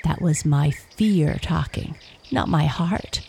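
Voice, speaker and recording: A woman's voice: deep voice, creaky, darkish tone, slight background noise, full character voice. A woman voicing a cunning, cruel male fox who mocks and gloats over his trapped friend. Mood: jeering. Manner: jeering, drawn-out taunts.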